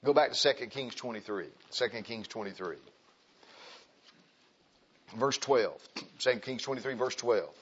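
A male preacher delivering a sermon, dropping to quiet asides and rising to loud, high exhortation. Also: animated, moderate pace, pauses often, lo-fi sound, slight background noise.

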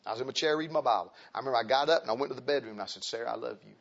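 A middle-aged man, preaching a sermon in church, dropping to quiet testimony and rising to loud, high exhortation. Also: very fast, vocal fry. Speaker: pastor. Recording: dull lo-fi sound.

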